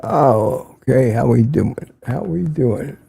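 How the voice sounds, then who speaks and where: A man's voice: medium pitch, expressive, slow, gravelly, warm tone, breathy edge, dry recording. An older man hosting a casual livestream, reading viewer comments and giving blunt, opinionated remarks that he often repeats for emphasis. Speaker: livestream host.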